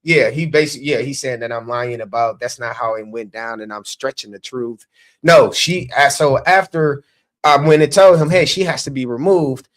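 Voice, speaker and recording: A man with a Chicago accent, a candidate telling an election-day story on a podcast, animated and acting out the dialogue. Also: mid-range voice, moderate pace. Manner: animated, acts out quoted dialogue. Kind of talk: casual storytelling chat.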